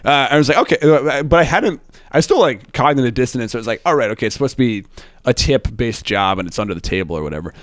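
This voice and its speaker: A young man chats loosely, his pitch rising and falling a lot as he tells a long story full of "like" and restarts. The recording is close and dry, with no room sound around him. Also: dry recording. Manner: rambling storyteller, many fillers and restarts. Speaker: podcast host. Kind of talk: casual chat.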